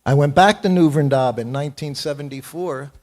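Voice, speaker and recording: A man's voice: fairly high pitch, a little fast, darkish tone. A man in his seventies giving a morning temple class, telling personal stories in an anecdotal, self-deprecating way and chuckling often. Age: 70s. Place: temple hall.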